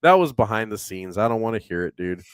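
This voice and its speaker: Rambling low-voiced man reading chat. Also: expressive, quick pace, clean tone, no echo. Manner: rambling, laughs often, reads chat comments aloud. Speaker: podcast co-host reading chat. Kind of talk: casual podcast chat.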